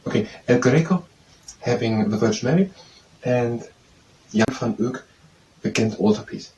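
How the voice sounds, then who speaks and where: A man's voice: medium pitch, big pitch swings, a little slow, creaky, mellow, dull audio. A man studying aloud, quizzing himself with repetitive phrases and hesitant restarts. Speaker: student memorizing aloud. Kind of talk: thinking aloud while studying. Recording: distant mic with faint background noise.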